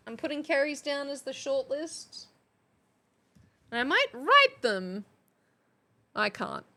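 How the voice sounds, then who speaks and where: Woman streamer, young adult, unhurried and fairly high, reads chat aloud with frequent laughs. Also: sing-song, bright, forceful tone. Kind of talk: casual live-stream chat.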